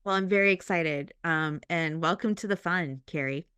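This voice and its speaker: A woman hosting a podcast in casual chat, agreeable and quick with short affirmations. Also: sits low, a bit bright, clear, resonant tone, no room sound, clean studio sound. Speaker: podcast host.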